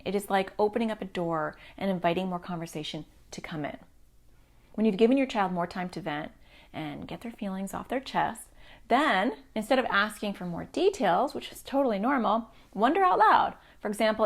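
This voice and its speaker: A middle-aged woman speaking as a child therapist, talking straight to parents. Her advice comes across direct and reassuring, at an ordinary pitch for a woman. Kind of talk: parenting advice talk to camera.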